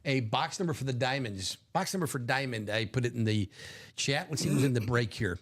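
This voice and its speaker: A man's voice: mid-range voice, fairly quick. A middle-aged man hosting a live card-break stream, chatting casually and upbeat and laughing often.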